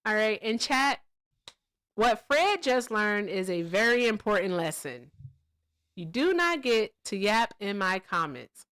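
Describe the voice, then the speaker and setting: A woman hosting a casual livestream chat, talking in an animated, sarcastic way and laughing often. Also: mid-range voice, a little slow, clean tone, no echo, clean studio sound. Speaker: livestream host.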